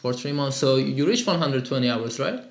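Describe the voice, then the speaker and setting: A man's voice: mid-range voice, animated, moderate pace, vocal fry, roomy sound. A man teaching an English lesson and answering students' calls in an upbeat, chatty way, with lots of fillers. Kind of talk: live lesson and call-in Q&A.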